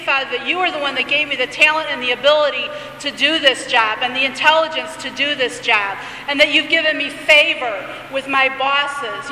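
A woman gives a teaching sermon in a high, bright voice. She alternates between reading prayers aloud and explaining them in a conversational way. The sound is echoey, with a long reverb and faint room ambience behind her. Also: recorded from a distance, a little hiss or hum. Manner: reads liturgy aloud then explains it conversationally. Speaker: Bible teacher.

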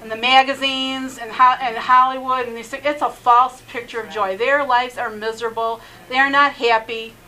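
A woman's voice: a little high, fairly even intonation, moderate pace, few pauses, sharp tone, poor audio. A middle-aged woman, a messianic rabbi, telling her personal testimony earnestly, laughing often and leaning on "you know". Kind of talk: personal testimony in a faith interview.

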